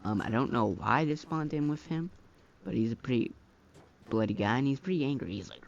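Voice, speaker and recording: Gravelly, rambling male game-mod reviewer. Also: medium pitch, animated, a little fast, a little hiss or hum. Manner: rambling, filler-heavy, slangy. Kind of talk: casual gameplay commentary. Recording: dull lo-fi mic.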